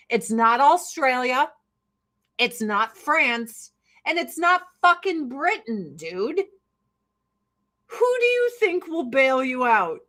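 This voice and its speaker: A woman's voice: high voice, sharp tone. An American woman in her forties talking casually while getting ready, brash and profane, laughing often. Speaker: vlogger. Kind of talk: casual get-ready-with-me chat.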